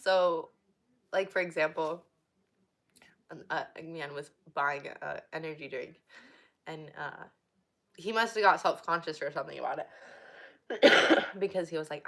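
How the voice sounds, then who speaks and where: A woman's voice: deep voice, creaky, a bit bright. A young woman casually reading a book aloud, breaking off to chat and laugh now and then. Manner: reads haltingly, stops to chat and laugh.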